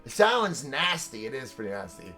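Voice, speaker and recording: A man's voice: mid-range voice, very animated, moderate pace, sharp tone, soft background music. A young man running a live-streamed tabletop game as dungeon master, mixing casual banter with dramatic narration. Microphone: streaming microphone.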